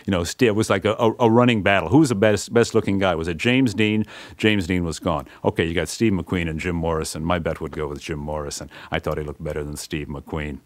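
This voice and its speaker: Animated deep-voiced male storyteller. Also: a little fast, no room sound. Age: middle-aged. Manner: animated, acts out dialogue with big pitch jumps, says "man" often. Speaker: musician telling his story. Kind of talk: spoken-word storytelling.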